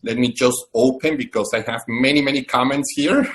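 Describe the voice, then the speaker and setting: A man's voice: medium pitch, fairly even intonation, moderate pace, a bit bright, slight background noise. Effusive man hosting a webinar. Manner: enthusiastic, effusive praise with restarts. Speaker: webinar host. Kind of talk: live webinar moderation.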